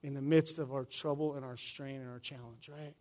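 A man's voice: medium pitch, fairly even intonation, brisk, darkish tone. A male pastor, preaching a sermon in a conversational way, often asking "right?" and calling the room "y'all".

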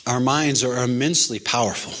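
A middle-aged man preaching a sermon and retelling a Bible story in an animated way, acting out the characters in higher voices. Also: fairly quick, slight background noise. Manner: animated storytelling, voicing characters with pitch jumps. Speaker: pastor.

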